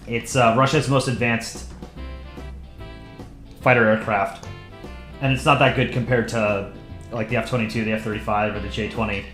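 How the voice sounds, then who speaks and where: A man's voice: medium pitch, fairly bright tone, reverberant. A man hosting a livestream, chatting in a rambling way with lots of fillers and little laughs. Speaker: livestream host. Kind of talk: casual livestream commentary.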